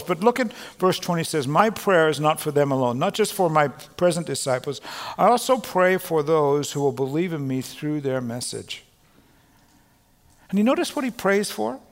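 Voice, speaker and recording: A pastor preaching in a reverberant hall. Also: male voice, sits high. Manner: earnest, swings from loud proclamation to quiet asides. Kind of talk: sermon. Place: church sanctuary. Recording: long reverb of a large hall.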